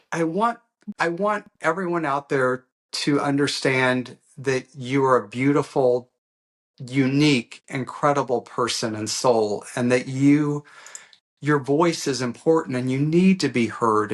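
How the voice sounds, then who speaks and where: A man, an author being interviewed, speaking earnestly and emotionally with frequent hesitant pauses. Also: medium pitch, a bit bright. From USA. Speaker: author guest. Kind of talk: heartfelt interview conversation.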